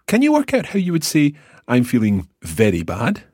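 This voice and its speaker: A man hosting a language lesson, patiently explaining and modelling words slowly for the listener to repeat. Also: mid-range voice, huge pitch swings, a little mellow, breathy edge, no echo, studio quality. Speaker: language teacher and host.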